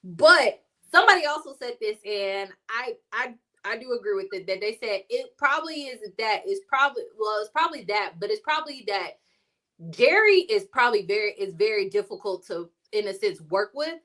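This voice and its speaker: Bright-voiced woman in casual sports chat. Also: medium pitch, lively intonation, moderate pace. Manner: rambling, laughs often, chatty. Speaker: sports talk show co-host.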